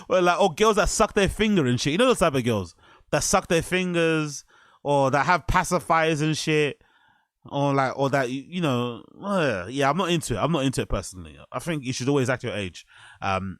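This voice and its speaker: Rambling male reaction host, crude, lively up-and-down delivery, dry close sound. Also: a little high, dry recording. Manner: crude, rambling, quick to laugh. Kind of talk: reaction commentary.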